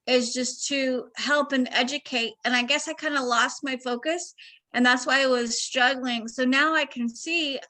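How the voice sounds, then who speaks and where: High bright lady in her 50s on a video call, excited n emotional. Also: normal speed. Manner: tearful, excited, breaking up with emotion. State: crying. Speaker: call participant. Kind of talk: emotional group call sharing.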